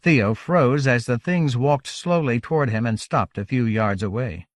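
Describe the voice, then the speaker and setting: A man narrates a fantasy novel in a steady, measured way. His voice sits at an ordinary pitch for a man. The recording is dry and close. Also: no room sound. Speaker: audiobook narrator. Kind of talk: scripted narration.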